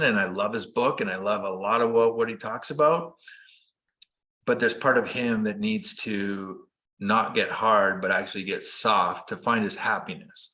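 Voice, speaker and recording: Bright-voiced man telling his story earnestly. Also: fairly low pitch. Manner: earnest, animated, acts out quoted dialogue. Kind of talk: conversational storytelling.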